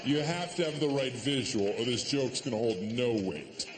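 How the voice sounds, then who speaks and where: A man performing stand-up comedy on a club stage, with sardonic, deadpan delivery broken by sudden yelled punchlines. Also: medium pitch, moderate pace, in a large hall, noisy background.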